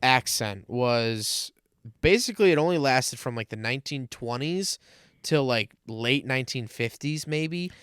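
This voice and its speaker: A man's voice: mid-range voice, expressive, unhurried, fairly bright tone, clear, resonant tone, no echo, studio quality. A young man co-hosting a podcast in a casual, chatty way, full of likes and asides. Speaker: podcast co-host. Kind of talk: casual chat.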